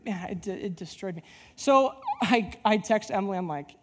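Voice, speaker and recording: A man pastoring a church plant, preaching a sermon and telling a personal story in an animated, rambling way with many restarts. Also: sits high, moderate pace, creaky, husky. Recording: long hall reverb.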